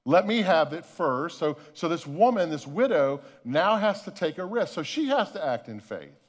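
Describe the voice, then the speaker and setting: A male pastor delivers a sermon in a voice pitched slightly above the usual male range. He tells the story dramatically, dropping to near quiet and then rising to loud, stressed lines, and often repeats his words. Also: big pitch swings, normal speed. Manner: dramatic retelling with many repeated words and swings in loudness.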